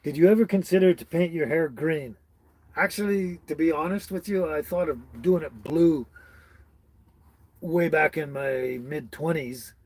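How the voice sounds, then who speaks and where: A man's voice: on the high side, a little slow, a little mellow, poor audio. A middle-aged man hosting a casual live stream, chatting with viewers by name in a rambling way and laughing often. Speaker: livestream host.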